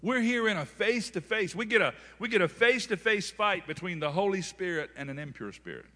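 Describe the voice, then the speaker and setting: High, bright preacher in a hall. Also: male voice, lively intonation, brisk. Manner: preaching with call-and-response. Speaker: pastor. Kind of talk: sermon.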